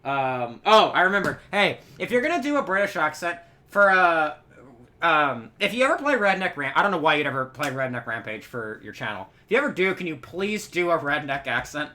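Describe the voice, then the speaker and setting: Bright-voiced man reacting casually. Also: a little high, sing-song, fairly quick. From Texas. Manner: rambling, laughs often, swears. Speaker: reaction video creator.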